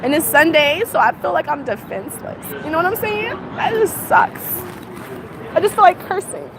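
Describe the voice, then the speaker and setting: A woman with a dry cough vents her frustration into the camera, firing off one rhetorical question after another. Her voice sits high and swings widely in pitch. Street and traffic noise can be heard clearly behind her. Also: sing-song, moderate pace, crowd noise. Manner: upset, repetitive rhetorical questions. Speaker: vlogger. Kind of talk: venting vlog monologue. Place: outdoors on a city street, heading to a train.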